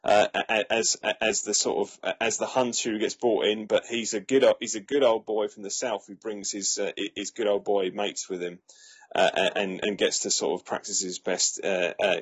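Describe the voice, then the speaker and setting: Male film reviewer, lowish husky voice, halting casual delivery. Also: little pitch movement. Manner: hesitant, many fillers and restarts. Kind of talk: casual chat.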